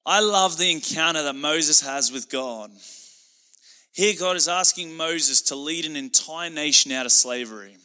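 A man's voice: fairly high pitch, unhurried, pushed and bright, smooth, in a large hall. A male pastor delivering a sermon in a passionate, conversational manner.

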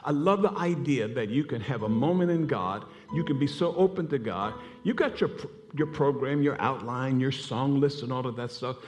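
Male pastor, lively storytelling sermon, music playing underneath. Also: mid-range voice, moderate pace, few pauses. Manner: storytelling preacher, animated, laughing asides.

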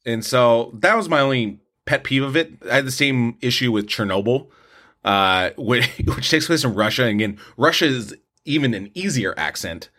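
Guy on a movie podcast, mid-pitch voice, rambles and restarts a lot, pretty opinionated. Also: expressive, moderate pace, fairly bright tone. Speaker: podcast co-host, film reviewer. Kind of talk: casual movie review chat.

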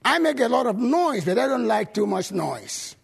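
A male pastor telling stories in a sermon, animated and swinging from loud bursts to low asides. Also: moderate pace, creaky, husky. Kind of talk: sermon storytelling.

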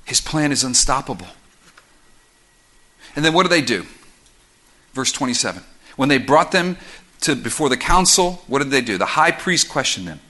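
A man preaching a sermon as pastor, explaining scripture verse by verse in an animated, conversational way with quick asides. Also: medium pitch. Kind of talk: expository sermon.

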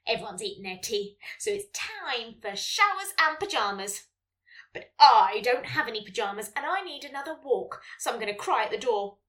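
A playful two-year-old family dog chatters through its day like a diary entry, voiced by a woman, breaking into excited barks. The voice is high, bright and bouncing all over the place. It sounds a little far from the mic. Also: heavily acted.

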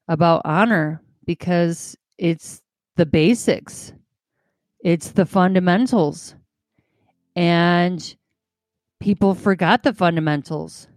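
A woman's voice: on the low side, a little mellow, no room sound, studio quality. A woman from the United States hosting a podcast, talking through a casual monologue in an earnest, heartfelt way, repeating phrases for emphasis. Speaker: podcast host.

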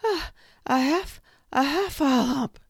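A woman voicing a small, timid male piglet in a storybook reading, with squeaky, breathless, stammering cries. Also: slow, vocal fry, dry recording, clean studio sound, full character voice. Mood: panicked.

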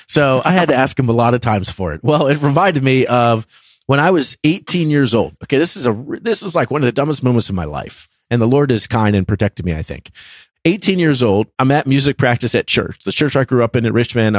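A man in his thirties hosting a faith podcast, telling a story in a lively, laughing way. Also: mid-range voice, fairly quick, no echo, clean studio sound. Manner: animated, laughs through his own story. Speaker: podcast co-host. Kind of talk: casual storytelling chat.

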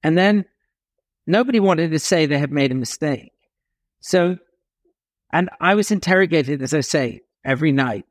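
A guest on an interview, the English speaker tells his story animatedly, leaning on dramatic pauses and emphatic shifts in pitch. Audio is clean and studio-grade, free of echo.

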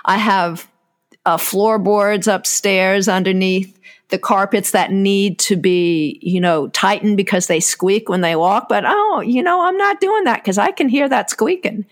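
A woman's voice: medium pitch, unhurried. Woman host, casual chat, rambling and conversational. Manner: chatty, warm reassuring interjections, rambling restarts.

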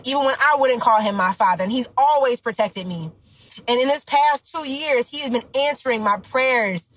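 A woman's voice: fairly high pitch, a bit bright, low-quality recording. A young adult woman, a business coach, giving an emphatic, preachy motivational talk full of slang. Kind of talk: motivational talk to her audience.

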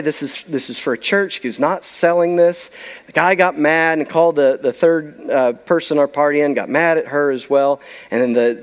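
A man preaching a sermon, telling a story with emphasis and letting key lines trail off to a near-whisper. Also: fairly high pitch. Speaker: pastor.

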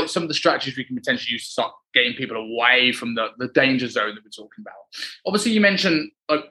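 A man hosts a casual podcast chat, talking in a chatty, rambling way full of fillers like "like" and "you know." His mid-range voice is bright and forceful, and the recording is rough.

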